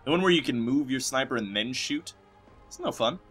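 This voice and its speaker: Bright-voiced young man rambling over game credits. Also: medium pitch, lively intonation, a little fast, breathy edge, faint music behind. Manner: rambling, jokey, swings between loud bursts and mumbling. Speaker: let's play host.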